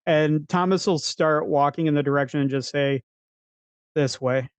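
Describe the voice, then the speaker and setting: A man's voice: on the high side, moderate pace, smooth, no room sound. A man playing a tabletop role-playing game, methodically explaining what his character does. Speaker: player.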